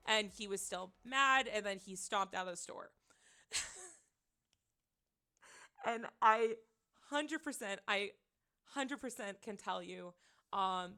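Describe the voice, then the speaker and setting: A woman's voice: a little high, pushed and bright. A young woman streamer telling a story in casual chat, giggling often and using lots of filler words.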